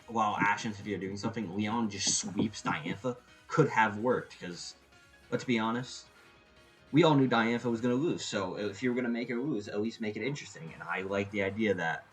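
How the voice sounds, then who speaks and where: A man giving a casual, opinionated review, rambling and animated, often restarting his sentences. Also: fairly low pitch, moderate pace, faint music behind, low-quality recording. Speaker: anime reviewer.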